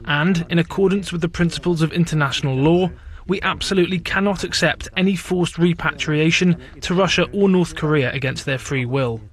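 A man's voice: a little high, fairly quick. A man speaking as a government spokesperson, giving a formal, firm official statement.

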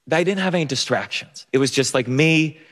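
A man's voice: a little high, a little fast, a bit bright, long reverb tail. A young man telling a funny personal story on stage, stammering through restarts and laughing at himself. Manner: stammering restarts, self-mocking, often laughing. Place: theater stage.

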